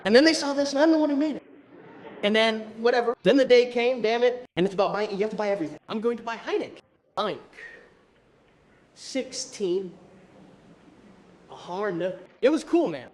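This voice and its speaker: A man from Brazil telling a stand-up comedy story on stage, animated and bursting into shouted exclamations. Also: extremely high pitch, a little fast, pauses often, a little hiss or hum.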